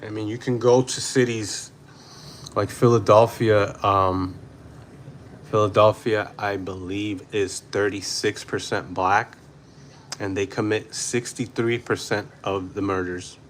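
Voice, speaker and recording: A man's voice: lowish voice, steady tone, slow pace, a little hiss or hum. A man in his forties from New York City, giving blunt casual livestream commentary and reacting to chat, sometimes slipping into Spanish phrases. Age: 40s. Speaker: livestream host.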